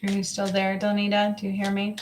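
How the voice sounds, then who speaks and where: A woman psychic reader gives a live reading to a viewer in a medium-pitched, monotone, brisk voice. She talks in a coaxing, repetitive way, circling back over the same phrases.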